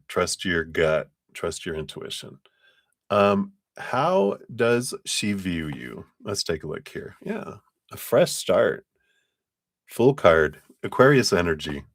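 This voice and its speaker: A man's voice: low-pitched, big pitch swings, slow pace, no room sound, studio quality. A man doing a casual live tarot reading, chatty and loose in his phrasing, often breaking into laughter. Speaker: tarot reader on a live stream.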